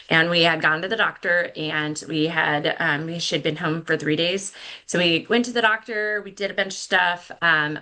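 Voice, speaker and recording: Bright-voiced woman telling a candid story. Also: on the low side. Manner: candid, self-deprecating, many fillers and restarts. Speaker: podcast guest. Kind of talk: casual storytelling.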